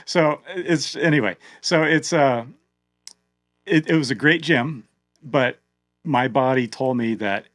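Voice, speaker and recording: A man's voice: medium pitch, unhurried, fairly bright tone, no room sound. A man hosting a podcast, chatting and telling stories with easy laughs. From Oregon. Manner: chatty, laughs easily, storytelling. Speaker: podcast host. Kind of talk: casual podcast conversation.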